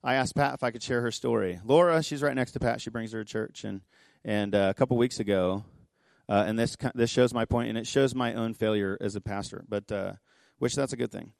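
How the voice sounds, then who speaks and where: A man pastor giving a sermon in a church, telling a story conversationally with quick asides. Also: mid-range voice, creaky, dry recording. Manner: impassioned, rising to near-shouting pleas. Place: church sanctuary.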